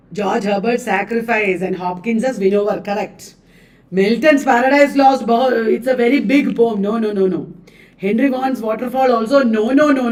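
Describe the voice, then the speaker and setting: A woman's voice: a little high, a little mellow, far from the mic. A woman with an Indian accent coaching students live on literature exam questions, chatty and laughing often, mixing in Hindi words. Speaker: literature teacher.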